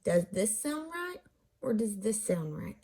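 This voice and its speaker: A reading teacher, a woman, gives a phonics lesson at an unhurried, patient pace, posing questions and then answering them herself. Her medium-pitched voice is mellow and a little husky with a sing-song lilt, and she sounds out syllables slowly.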